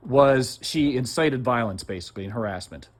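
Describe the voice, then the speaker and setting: A man's voice: mid-range voice, expressive, moderate pace. An agitated man ranting in heated, profane, rambling conversation as he makes a complaint. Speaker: complaining citizen.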